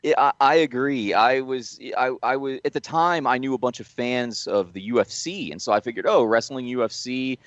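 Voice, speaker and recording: A man's voice: mid-range voice, animated, moderate pace, hardly any pauses, fairly bright tone, dry recording, muffled recording. A man co-hosting a podcast, telling a long anecdote in casual chat with restarts and laughs along the way. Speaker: podcast co-host.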